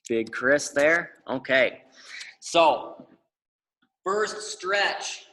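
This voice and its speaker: A young man coaches a stretching class in an upbeat, encouraging way, often checking in with his students. His voice is fairly high and bright. The room is echoey and he stands away from the mic. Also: lively intonation, extremely slow, far from the mic. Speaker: exercise class instructor.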